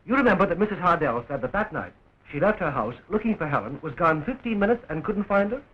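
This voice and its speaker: A man's voice: on the high side, big pitch swings, fast talker, husky. An actor playing a joking young man who fights to free his sweetheart, in early talkie film style, with a dull, scratchy 1920s film sound.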